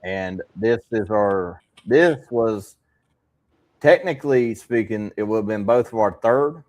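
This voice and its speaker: A man hosting a podcast, telling fishing stories in a calm, dry way with some laughs. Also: fairly low pitch, slow. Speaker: podcast host. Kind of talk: casual podcast chat.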